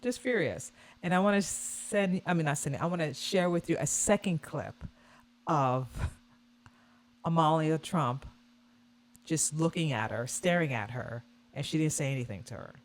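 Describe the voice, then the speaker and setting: A woman vlogger giving casual reaction commentary on a video, animated and scornful, repeating her points. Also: low voice, moderate pace.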